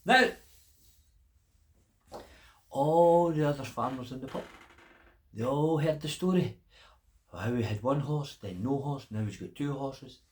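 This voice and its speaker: A man's voice: mid-range voice, measured pace, long pauses. An older man telling a folk tale as a grandfather-style storyteller, repeating words for effect. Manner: animated, repetitive storytelling.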